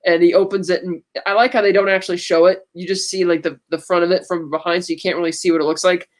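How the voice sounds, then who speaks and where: A man's voice: sits high, level tone, fast talker. A man co-hosting a podcast, chatting casually as he retells movie scenes and quotes their lines. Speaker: podcast co-host. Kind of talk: casual movie recap chat.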